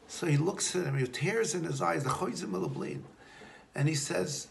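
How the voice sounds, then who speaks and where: A man, a rabbi, giving a Torah talk on prayer and telling stories, slowing down to stress key points. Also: a little high, big pitch swings, creaky, a little hiss or hum. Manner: storytelling, slows for emphasis.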